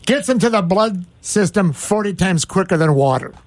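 High-voiced boisterous male radio host. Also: lively intonation, moderate pace, no room sound. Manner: boisterous, rambling, jokey. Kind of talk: casual radio chat.

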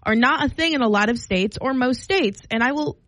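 Expressive East Coast woman on radio. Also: a little high, brisk, no echo. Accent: New York. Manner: expressive, exclaims and laughs often. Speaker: radio morning show co-host. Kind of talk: casual radio banter. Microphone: studio mic.

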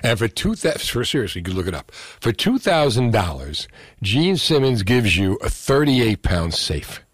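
Chatty radio host, low voice. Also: male voice, big pitch swings, slightly rough, no echo. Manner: chatty storyteller, quick asides. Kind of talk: casual call-in radio talk.

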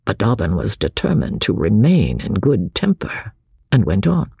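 A male narrator reads a classic novel slowly and expressively, dropping into hushed asides. His voice is gravelly and husky, with wide pitch swings, and it sounds dry and close. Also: big pitch swings, no echo. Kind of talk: audiobook narration.

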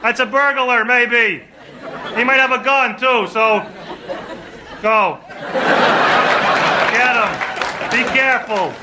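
A shrill, panicky nagging wife, as a man puts her on, pitched high and frantic. A loud audience and heavy noise fill the old recording behind her. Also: takes it slowly, pauses often, a crowd in the background.

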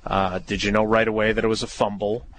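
A man's voice: lowish voice, flat delivery, quick pace, a bit bright, slight background noise. Man asking questions, casual and joking. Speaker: radio show host.

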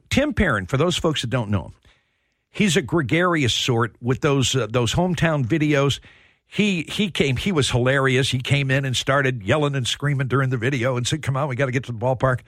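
A man's voice: mid-range voice, fairly bright tone, dry recording, clean studio sound. Man host telling heartfelt stories. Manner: heartfelt storytelling. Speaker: sports radio show host. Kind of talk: sports talk radio.

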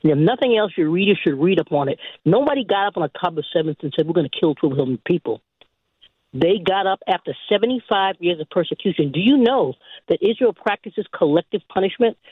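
An older man calling in to a talk radio show, lecturing forcefully with scorn. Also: sits high, lively intonation, brisk, slightly rough, no room sound. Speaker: caller. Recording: dry phone line.

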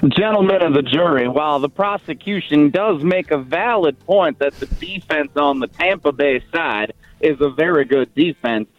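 A man's voice: medium pitch, animated, a little fast, few pauses, no room sound, close to an everyday voice. A man doing a nerdy drawling defense lawyer. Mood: pleading. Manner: mock-formal courtroom pleading. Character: stuttering nerdy male defense lawyer with a put-on Southern drawl. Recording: dull radio sound, music faint behind.

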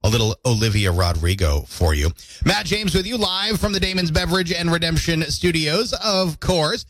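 A man hosting a morning radio show, chatty and jokey, his throat squeaky from allergies. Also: very animated, normal speed, a bit bright, dry recording. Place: radio studio.

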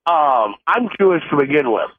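Male caller, slightly raised pitch, dry humor, heard over a phone line. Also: very animated, moderate pace, dry recording. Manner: wry, joking. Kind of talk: call-in talk radio. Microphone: telephone.

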